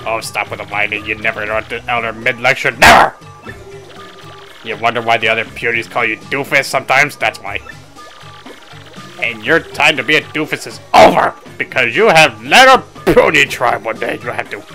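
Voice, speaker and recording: A man puts on a cranky old puni elder from a game, all gruff scolding and sharp lectures. The voice sits lower than his own and stays bright and lively, with a little music underneath. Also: normal speed. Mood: lecturing. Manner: crotchety, barking lectures.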